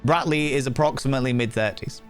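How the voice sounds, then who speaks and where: A man narrating as game master for a streamed tabletop game, unhurried and dotted with fillers. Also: mid-range voice, soft background music.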